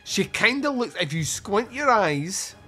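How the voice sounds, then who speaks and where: A man hosting a podcast, reviewing a film in casual chat, animated, swearing freely and laughing often. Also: sits high, a little slow. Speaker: podcast host.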